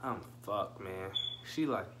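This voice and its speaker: A man's voice: lowish voice, slow pace, background noise. A young man telling a profane, slangy story in a casual vlog and joking directly with his viewers. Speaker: storytime vlogger.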